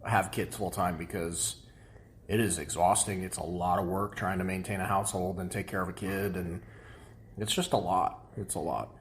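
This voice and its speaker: Deep-voiced young dad, faint background hiss. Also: male voice, steady tone. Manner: plain-spoken, halting restarts. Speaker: podcast co-host. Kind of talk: casual chat.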